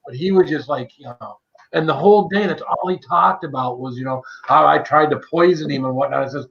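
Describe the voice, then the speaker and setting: Guy with a slightly high voice telling a story, dull lo-fi sound. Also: brisk, vocal fry, a little hiss or hum. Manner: relaxed anecdote telling. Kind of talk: casual chat.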